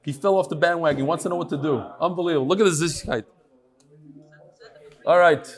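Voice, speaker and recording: A man with a slightly higher voice holds court as a rabbi before his daily class. He chats loosely with the room, calls out regulars by name and teases them in an animated, playful way. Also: quick pace. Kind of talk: casual banter with a live audience.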